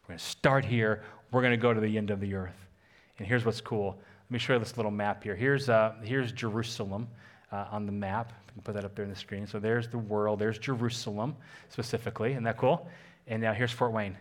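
A man's voice: on the low side, steady tone, fairly quick. A man, a pastor, preaching a sermon with emphatic call-and-response and repeated phrases.

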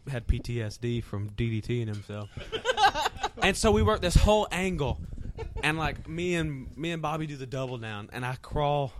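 Animated storytelling male wrestler. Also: medium pitch, a little hiss or hum. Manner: profane, laughing, acts out quotes. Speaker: wrestler and promoter, podcast guest. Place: podcast studio.

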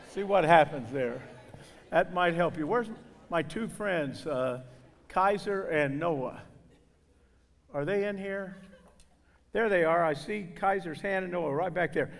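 High-voiced folksy preacher in a hall. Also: male voice, lively intonation, a little slow, gravelly, pauses often. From southern Indiana. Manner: loud, exclaiming preaching with folksy asides. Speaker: guest preacher. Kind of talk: sermon. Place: church sanctuary. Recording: reverberant hall.

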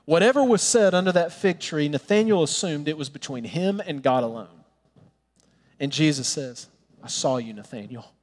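Casting: male pastor, sermon delivery, fairly high voice, earnest and pleading, long hall reverb. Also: lively intonation, normal speed. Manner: earnest, pleading, drops to soft tender tones.

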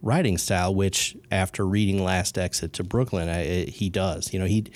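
A man chatting casually about a favorite author, halting and restarting as he searches for words. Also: sits low, steady tone. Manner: hesitant, many fillers and restarts, enthusiastic about books. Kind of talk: casual conversation.

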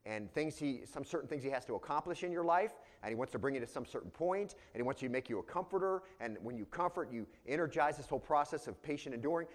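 A man's voice: medium pitch, lively intonation, quick pace, few pauses. A man pastor preaching an expository sermon in a conversational way, often tossing rhetorical questions back to his listeners.

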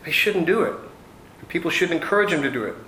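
Guy preaching a sermon, chatty and down to earth, kinda high voice, roomy echo. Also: lively intonation, quick pace, pushed and bright, slight background noise. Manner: conversational preaching with homey anecdotes. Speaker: pastor. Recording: echoey room with faint ambience.

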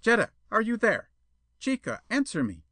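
A man voicing a peevish, pleading male suitor with a Spanish-speaking manner, in a high, strident, whining voice. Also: huge pitch swings, brisk, a bit bright, no echo, heavily acted.

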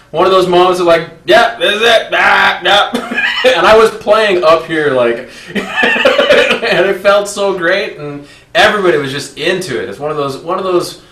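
A man in casual chat, talking with lively, laughing enthusiasm. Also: fairly high pitch, distant mic. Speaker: band member and co-host. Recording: roomy echo, off mic.

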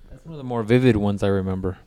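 A man's voice: fairly low pitch, rapid-fire, mellow, smooth. A man co-hosting a podcast in casual chat, teasing his friend with questions and laughing often. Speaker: podcast co-host.

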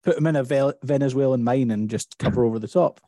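A man's voice: mid-range voice, fast talker, mellow, dry recording, clean studio sound. A man co-hosting a casual podcast, teasing a friend and stumbling over his words. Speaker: podcast co-host.

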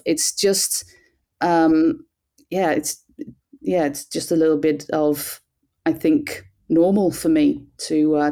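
A woman with a Dutch accent, a cycling commentator, talking in an animated, self-deprecating way with frequent restarts. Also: deep voice. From Netherlands. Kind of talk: conversational interview.

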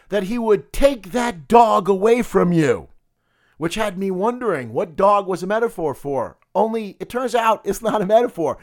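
A man with a cold delivering an indignant, sarcastic political commentary monologue. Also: high-pitched. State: has a cold.

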